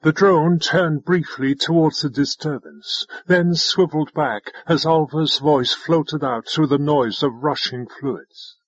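A man reading a novel aloud as an audiobook narrator, measured and unhurried. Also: a little high, breathy edge, no room sound, highs cut off. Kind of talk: scripted narration.

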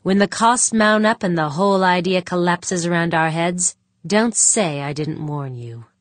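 A woman voicing a scheming male board member who speaks slowly and calmly, with quiet sarcasm. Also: fairly low pitch, no room sound, close to an everyday voice. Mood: cold. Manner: slow, measured, quietly sarcastic. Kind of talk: audiobook character voice.

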